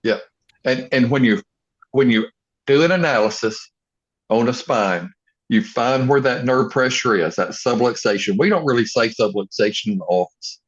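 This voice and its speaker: A man talks in a middle-pitched voice, firm and earnest, with many short affirming phrases. The recording sounds a little dull and muffled. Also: moderate pace. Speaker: chiropractor, podcast co-host. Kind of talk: casual chat.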